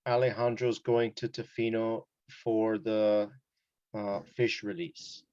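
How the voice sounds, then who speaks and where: A man's voice: lowish voice, darkish tone, no room sound, dull audio. A man teaching an English test-prep lesson one-on-one, explaining casually with examples and many fillers.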